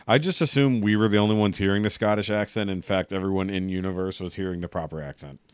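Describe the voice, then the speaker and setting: A man's voice: sits low, fairly even intonation, quick pace, clean tone, dry recording. A man co-hosting a casual podcast chat, wry and teasing. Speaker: podcast co-host.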